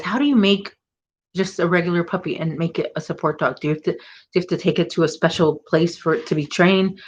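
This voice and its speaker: A woman's voice: fairly low pitch, muffled recording, a little hiss or hum. A woman hosting a crochet livestream, chatting casually and rambling with viewers, full of "like" and "oh my gosh". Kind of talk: casual chat with live viewers.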